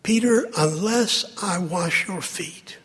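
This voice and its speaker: A man preaching a sermon, with dramatic pauses and lines that drop to a hush. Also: high voice, husky. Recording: long hall reverb.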